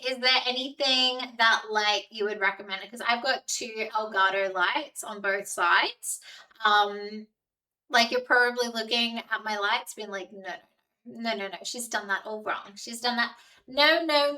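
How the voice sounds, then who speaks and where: A woman's voice: on the high side, pushed and bright, distant mic, low-quality recording. A woman streaming from home, chatting casually with her viewers and reading out their messages, with lots of fillers. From New Zealand and Australia. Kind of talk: casual chat with live viewers.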